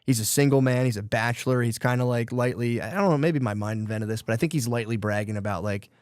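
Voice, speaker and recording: A man's voice: medium pitch, fast talker, no room sound, studio quality. A man co-hosting a podcast, casually retelling a book's plot in a rambling, profane way full of fillers and quoted lines. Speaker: podcast co-host.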